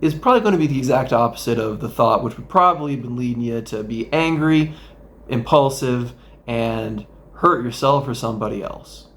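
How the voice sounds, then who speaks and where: A man speaking as a therapist, giving an instructional talk that guides the listener through a mindfulness exercise in a gentle way with playful asides. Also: mid-range voice, moderate pace, a little hiss or hum.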